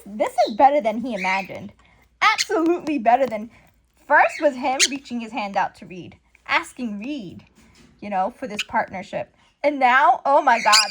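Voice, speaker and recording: A woman in casual commentary, excitedly recapping a comic book story and acting out the characters' lines. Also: high voice, a little hiss or hum. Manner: excitable, exclaims often, acts out characters' lines.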